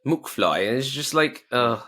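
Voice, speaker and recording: A man's voice: lowish voice, expressive, brisk, pushed and bright, faint music behind. A man co-hosting a podcast, joking around about films and joining the banter. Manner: jokey, joins jokes with silly put-on voices. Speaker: podcast co-host. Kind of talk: casual film discussion.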